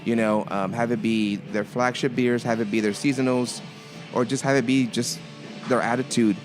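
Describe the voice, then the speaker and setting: A man's voice: medium pitch, fairly even intonation, moderate pace, music in the background. A man, a craft beer bar owner, talking in a laid-back casual podcast chat, often repeating his words.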